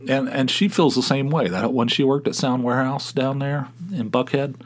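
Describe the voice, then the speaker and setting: Middle-aged Appalachian man hosting his own show; loose, halting talk full of restarts. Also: medium pitch. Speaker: podcast host. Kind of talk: casual solo podcast monologue.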